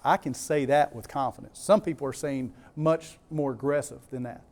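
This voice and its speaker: A man's voice: medium pitch, fairly even intonation, normal speed, darkish tone. A man with a Southern US accent giving a keynote talk to a live audience, emphatic, repeating key words and putting questions to the crowd. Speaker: conference speaker.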